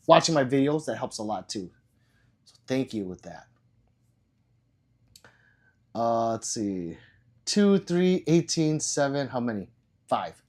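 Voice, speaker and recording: A man's voice: mid-range voice, a little mellow. A man hosting a casual livestream, rambling loosely and swearing now and then. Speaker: livestream host.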